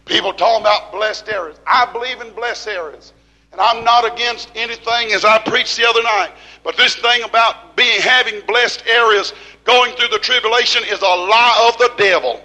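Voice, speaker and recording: A man preaches a fiery sermon in a strikingly high voice. His tone is bright and forceful, and he rises into shouts, then slows to hammer home short repeated lines. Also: low-quality recording. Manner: preaching with rising shouts and slow emphatic repeats. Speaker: pastor.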